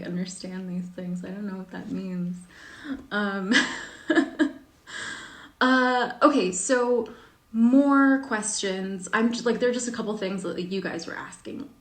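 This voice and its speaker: A woman talking casually on a live stream, answering reader questions with lots of fillers and a self-deprecating tone. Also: mid-range voice. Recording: echoey room.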